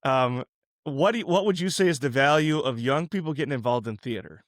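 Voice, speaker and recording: A male podcast host with a mid-range voice, speaking casually and thinking out loud as he goes. The recording is dry and close, with no room sound. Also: medium pitch, fairly quick, dry recording. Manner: relaxed, chatty, musing aloud with restarts. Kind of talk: casual Christian podcast interview.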